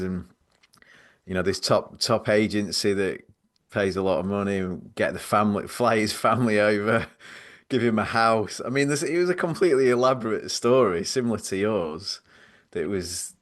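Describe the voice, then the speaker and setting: A man on a podcast telling stories in a loose, rambling way. He speaks in a lowish voice, laughs easily and pokes fun at himself. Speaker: podcast host. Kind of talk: casual storytelling chat.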